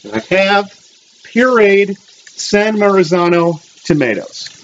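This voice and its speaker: High-voiced man demoing a recipe. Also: slow. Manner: chatty, explains each step. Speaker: home cook hosting a cooking video. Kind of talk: casual cooking demonstration. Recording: lo-fi with running water noise.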